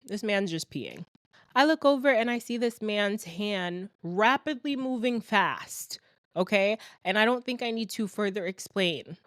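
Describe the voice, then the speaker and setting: A young adult woman hosting a podcast alone, ranting in a blunt, animated and exasperated way, a little congested from a cold. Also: mid-range voice, a little slow, no echo, clean studio sound. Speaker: podcast host. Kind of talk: solo ranting podcast monologue.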